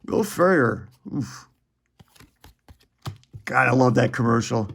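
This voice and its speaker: A man's voice: medium pitch, lively intonation, slow, creaky, long pauses, a bit bright, slightly rough. A man in his forties chatting casually while opening trading card packs, rambling and profane, chuckling often.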